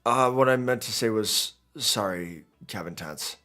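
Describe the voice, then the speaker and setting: A man's voice: fairly low pitch, unhurried, pushed and bright. A man giving casual, rambling commentary while streaming a game, chatty and self-interrupting, into a desk mic.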